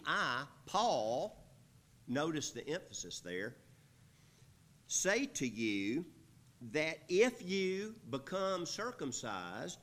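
A man teaching through scripture verse by verse in a conversational way, pausing with fillers, checking in with his listeners, and rising to emphatic reading when he quotes the text. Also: mid-range voice, a bit bright. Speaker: Bible teacher.

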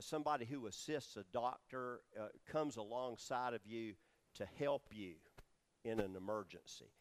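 A man teaching a Bible study sermon, explaining words and asking his listeners questions as he goes. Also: lowish voice. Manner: explanatory, asks the audience questions, many fillers. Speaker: preacher teaching scripture.

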